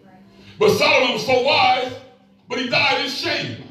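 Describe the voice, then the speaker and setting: A man's voice: extremely high pitch, moderate pace, pushed and bright, faint music behind. A middle-aged male pastor preaching a sermon, with call-and-response to the congregation and playful asides. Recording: echoey room, mic at a distance.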